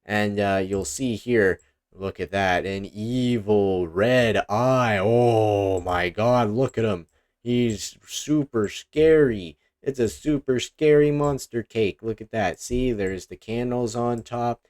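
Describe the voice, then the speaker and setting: Deep-ish guy goofing around while he draws, tripping over his words, desk mic. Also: slow pace, darkish tone. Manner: goofy, self-mocking, rambling with restarts. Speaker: online video creator. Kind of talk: joking commentary while drawing. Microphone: desk mic with headphones, face cam.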